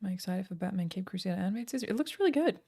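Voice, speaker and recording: A woman's voice: medium pitch, animated, very fast, mellow, breathy edge. A young woman chatting casually on a live stream, answering her viewers' questions with many fillers like "um" and "like". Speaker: streamer and game writer.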